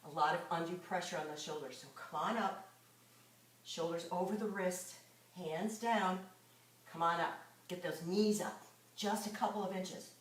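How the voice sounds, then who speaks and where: A woman's voice: fairly low pitch, normal speed. A woman fitness instructor leading a live exercise class, coaching moves and counting reps aloud. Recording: echoey room, mic far off.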